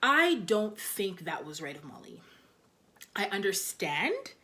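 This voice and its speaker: A woman's voice: medium pitch, very animated, takes it slowly, pushed and bright. A young woman casually reviewing TV episodes, talking loosely with lots of "like" and "you know". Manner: chatty, loose, heavy on fillers like "like" and "you know". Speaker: TV show reviewer.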